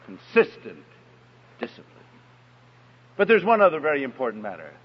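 Male preacher, storytelling, breathy, dull lo-fi hall sound. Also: fairly high pitch, normal speed. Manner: emphatic, storytelling, animated. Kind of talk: sermon on parenting. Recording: dull recording in echoey hall.

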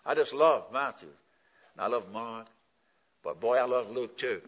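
A man preaching with a bright, forceful edge, swinging between quiet asides and loud, emphatic peaks. He keeps asking the listeners questions and answering them himself. The old recording sounds dull and lo-fi. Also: mid-range voice, unhurried. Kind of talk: sermon.

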